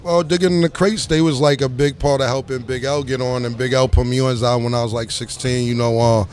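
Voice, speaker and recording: A man's voice: medium pitch, fairly even intonation, fast talker, darkish tone. A middle-aged man with a New York accent and a slight lisp, talking casually as an interview guest in a music club. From Harlem, New York. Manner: laid-back, drawling, with a slight lisp. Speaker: rapper guest.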